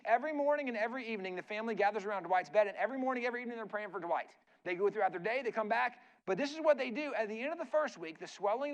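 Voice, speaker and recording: High-voiced man telling a chatty sermon story. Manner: casual, chatty, uses "like" and "right?" asides. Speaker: guest speaker. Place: church.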